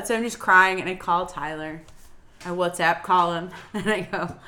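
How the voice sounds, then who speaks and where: Bright-voiced woman telling a story. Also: lowish voice, a little fast. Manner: animated storyteller, laughing through retellings. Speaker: podcast co-host. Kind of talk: casual chat, storytelling.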